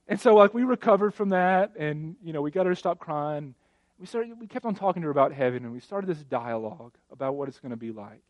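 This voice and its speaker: A man in his thirties preaching a sermon, telling stories with animated swings between loud passages and hushed ones. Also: fairly high pitch, brisk, no echo. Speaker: pastor.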